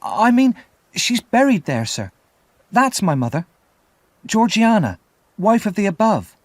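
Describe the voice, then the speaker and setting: A man's voice: very animated, takes it slowly, breathy edge, no echo, heavily acted. A man reading an audiobook and voicing a frightened, timid young boy in a raised, pleading voice. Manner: high-pitched, pleading. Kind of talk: audiobook character voice.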